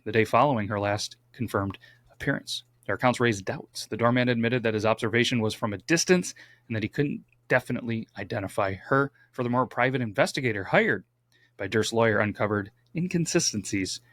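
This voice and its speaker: Reading through the case on their laid-back true crime show, this co-host adds dry, wry comments along the way. He has a medium-pitched, fairly bright voice and a brisk delivery, captured in studio quality with no room sound.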